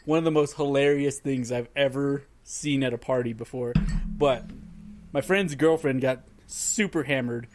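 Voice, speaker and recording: A man's voice: mid-range voice, moderate pace, darkish tone, a little hiss or hum. A man hosting a casual podcast, telling a rambling party story and laughing through it. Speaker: podcast host.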